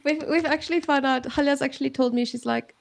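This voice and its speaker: A woman's voice: high voice, steady tone, quick pace, vocal fry, slight background noise. A woman co-hosting a casual video-call chat, talking in a chatty way with lots of asides. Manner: chatty, full of fillers and asides. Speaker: co-host.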